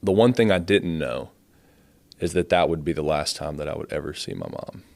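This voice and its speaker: A young man telling his life story in a quiet, halting way. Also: extremely low pitch, expressive, vocal fry, dry recording. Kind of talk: personal testimony, told plainly.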